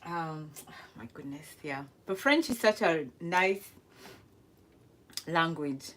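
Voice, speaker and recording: Slow-talking woman hosting a cooking livestream. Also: low-pitched, lively intonation, fairly bright tone. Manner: chatty, laughs often, tries out French phrases; unhurried, with many fillers. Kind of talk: casual live chat with viewers.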